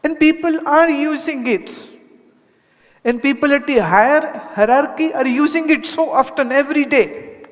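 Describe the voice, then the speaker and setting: A woman from India with a high voice gives a spiritual talk at a moderate pace to an audience in a large hall, with long reverb. As a spiritual teacher, she speaks conversationally, asks rhetorical questions, and acts out the people she quotes.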